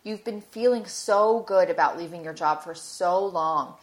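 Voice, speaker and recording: Woman voicing steady, reassuring man, plain and direct, lowish voice. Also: a little slow, natural voice. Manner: frank, reassuring. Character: calm, steady adult man partner.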